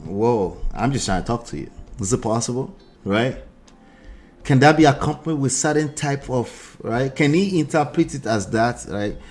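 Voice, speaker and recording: Animated man picking apart words. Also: mid-range voice. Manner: animated, picks apart words, rhetorical questions. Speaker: host reacting to a video. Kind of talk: live-stream commentary.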